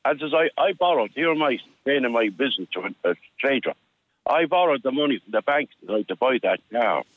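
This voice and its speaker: An older Irish man calling in to a radio show, telling a story with halting restarts and acting out what others said. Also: mid-range voice, expressive. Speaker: caller. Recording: tinny phone line.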